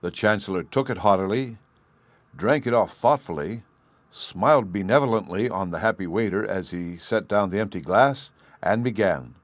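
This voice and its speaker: A man narrating an audiobook in a steady, measured storytelling style. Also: on the low side, dry recording.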